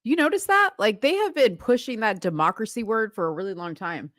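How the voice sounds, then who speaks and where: A woman's voice: medium pitch, expressive, brisk, a bit bright, dry recording, clean studio sound. A woman co-hosting a casual political livestream, chatty and agreeable. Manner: chatty, agreeable, reads captions aloud. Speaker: co-host.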